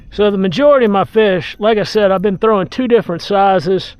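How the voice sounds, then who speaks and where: A man calmly talking through his fishing from a boat on a lake, often sighing. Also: high-pitched, clean tone, highs cut off. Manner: relaxed, talks to the fish, frequent sighs. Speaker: fishing vlogger. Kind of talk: casual on-the-water commentary.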